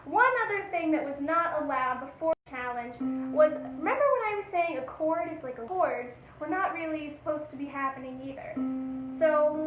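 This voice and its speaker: A woman's voice: high-pitched, a bit bright, muffled recording. A woman leading a children's music lesson, upbeat and encouraging, chanting and singing along. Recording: echoey room with instrument. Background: instrument played.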